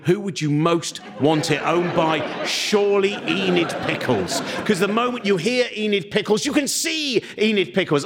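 A middle-aged man, telling comic stories to an audience and acting out the people he quotes. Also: a little high. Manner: animated, acts out quoted voices. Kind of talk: comic storytelling talk.

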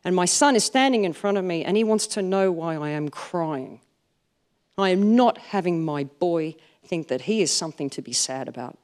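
A woman's voice: lowish voice, moderate pace. Dry woman telling comic stories. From Australia. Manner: dry, self-mocking storytelling with deadpan punchlines. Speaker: stand-up comedian. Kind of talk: comic storytelling to a live audience.

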